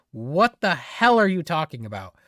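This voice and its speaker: A live streamer in casual chat with viewers, excitable, laughing often and teasing the chat. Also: medium pitch, no room sound, clean studio sound.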